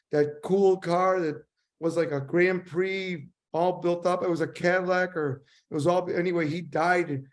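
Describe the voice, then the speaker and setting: An older man, a guest in an interview, telling animated stories and acting out the dialogue. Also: fairly high pitch. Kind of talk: storytelling interview.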